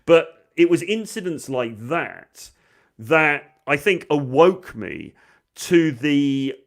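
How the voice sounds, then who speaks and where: A man, a dating coach, telling a story from his school days and acting out the lines of the people in it. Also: a little high. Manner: animated, acts out quoted lines. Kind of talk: storytelling monologue.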